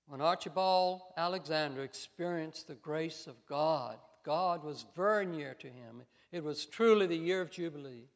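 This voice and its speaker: An older man preaching a sermon as pastor, telling stories with emphatic rises and soft trailing endings, in a church sanctuary. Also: high-pitched. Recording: long reverb of a church hall.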